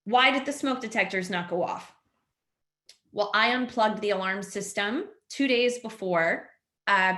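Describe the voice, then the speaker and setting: A woman in her thirties recounts her story on a video call, with lots of "like" and "next thing you know." Her voice is bright and forceful. The room around her sounds echoey. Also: medium pitch. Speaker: house fire survivor, webinar guest. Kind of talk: personal storytelling on a webinar.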